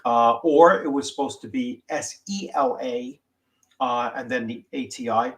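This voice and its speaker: A man's voice: mid-range voice, a little slow. Rambling, easygoing man on a podcast. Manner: meandering, with many "uh" and "you know" fillers. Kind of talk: casual chat.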